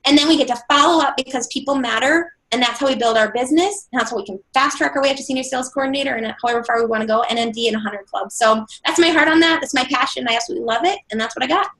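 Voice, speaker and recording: A woman speaking quickly on a group conference call, her voice set high. She talks with earnest, rapid-fire passion, giving a motivational sales talk. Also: a bit bright, rough recording. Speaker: guest speaker. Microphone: phone or computer on a conference call.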